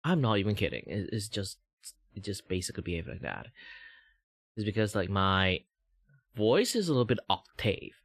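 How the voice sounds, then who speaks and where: A young Malaysian man with a fairly low voice that keeps leaping between highs and lows. His English carries a slight British lilt and he drags out his words. The sound is close and dry, with no room around it. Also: very animated, moderate pace, vocal fry, long pauses, fairly bright tone, no room sound. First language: Mandarin. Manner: rambling, jumps between high and low pitch. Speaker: VTuber streamer. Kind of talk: casual livestream chat.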